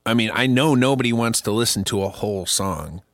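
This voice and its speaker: A man's voice: fairly low pitch, brisk, no room sound, clean studio sound. A man co-hosting a podcast in casual comedic chat, rambling and swearing. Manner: rambling, laughing, swears a lot. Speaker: podcast co-host.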